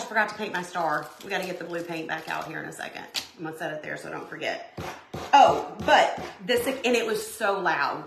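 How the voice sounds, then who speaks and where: A woman's voice: medium pitch, noisy background. A woman hosting a live crafting stream, chatting casually with viewers in a rambling way with lots of asides. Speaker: craft livestream host. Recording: echoey room.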